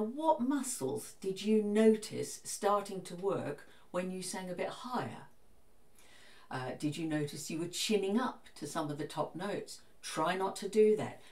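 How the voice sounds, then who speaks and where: A woman with a lowish voice guides a singing exercise in a calm, encouraging way. She sounds a little away from the mic, and the room rings around her. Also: reverberant, recorded from a distance. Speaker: vocal coach.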